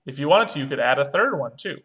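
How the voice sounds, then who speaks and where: A man's voice: medium pitch, lively intonation, fast, pushed and bright. A male music teacher, walking young students through a screen-recorded online lesson step by step. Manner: talks through clicks step by step, chants rhythm syllables.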